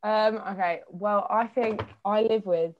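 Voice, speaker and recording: A woman's voice: medium pitch, steady tone, measured pace, dull audio, slight background noise. A young woman in casual podcast chat, playful and teasing, laughing often. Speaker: podcast guest.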